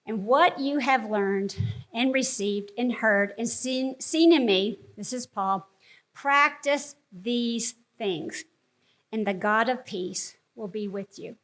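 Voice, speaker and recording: Slow, earnest woman preacher. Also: a little high, a bit bright. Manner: earnest, emphatic, repeats key words for stress. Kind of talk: sermon.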